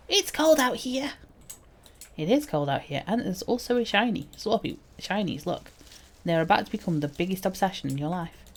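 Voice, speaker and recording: A woman's voice: lowish voice, vocal fry, a little mellow. A woman giving casual, playful commentary while streaming a game. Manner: chatty, playful asides.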